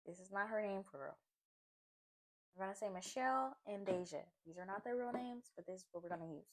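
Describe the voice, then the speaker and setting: A woman's voice: mid-range voice, brisk. Chatty woman telling a storytime. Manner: animated, chatty, lots of fillers and asides. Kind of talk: casual storytime while eating. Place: at home, eating a seafood boil.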